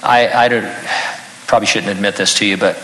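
A man's voice: on the low side, fairly even intonation, brisk, fairly bright tone, reverberant, long reverb tail, slight background noise, rough recording. An older man preaching a sermon as pastor, earnest with touches of self-deprecating humor.

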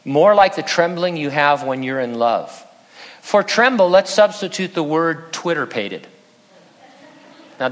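Earnest pastor preaching in echoing sanctuary. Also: male voice, medium pitch, fairly bright tone. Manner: earnest, conversational, with light humor. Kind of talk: sermon. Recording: long reverb in a large hall.

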